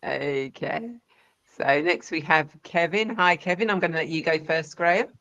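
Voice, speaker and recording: A woman co-hosting a live spiritual reading stream, speaking slowly and haltingly as she searches for words. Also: sits low, fairly bright tone. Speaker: psychic reader and co-host. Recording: muffled, dull audio.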